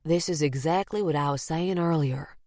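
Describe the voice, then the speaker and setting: A woman reading the part of an earnest younger man with a Southern US drawl, gentle and reassuring in an audiobook. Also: a little high, moderate pace, no echo, clean studio sound, close to an everyday voice.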